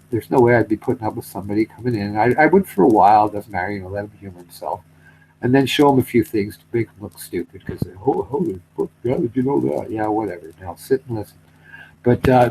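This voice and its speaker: A man's voice: lowish voice, fast talker, darkish tone, breathy edge, rough recording. Rambling, swearing male storyteller. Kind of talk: casual comic chat.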